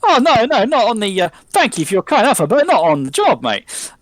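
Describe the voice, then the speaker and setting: A man voicing a breezy, chatty nightclub owner who talks high and fast and calls everyone "mate". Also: huge pitch swings, fairly bright tone, a little hiss or hum, heavily acted. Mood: cheery. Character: chatty club owner man, cheery, suspicious.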